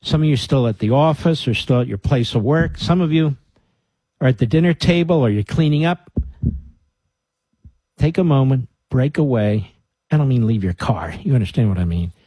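A man's voice: mid-range voice, expressive, moderate pace, pauses often, dark tone, breathy edge, no room sound. A man hosting a radio talk show, giving an emphatic monologue to his listeners with mocking asides. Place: radio studio.

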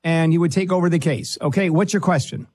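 A man's voice: a little high, fairly quick, a little mellow, breathy edge, dry recording, clean studio sound. A man hosting a call-in legal advice show, talking bluntly and impatiently and cutting the caller off to press for the point. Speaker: legal advice radio host.

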